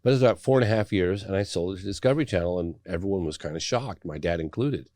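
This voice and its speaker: Middle-aged filmmaker from England, deep voice, animated interview storyteller, dry close sound. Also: male voice, quick pace, no room sound. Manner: animated storyteller acting out quoted people. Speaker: documentary filmmaker, podcast guest.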